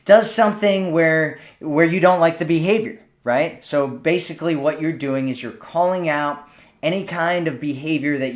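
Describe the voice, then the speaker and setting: A man giving dating advice in a relaxed instructional talk, often checking in with "right?" as he explains. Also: medium pitch. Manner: casual, keeps checking in with "right?". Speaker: dating coach.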